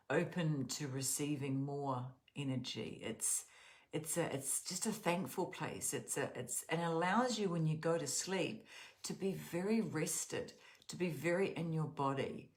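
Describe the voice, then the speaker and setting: A woman with a notably low voice hosts a guided journaling session. She talks casually and earnestly about gratitude, rambling and restarting her sentences often. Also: measured pace. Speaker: journaling channel host.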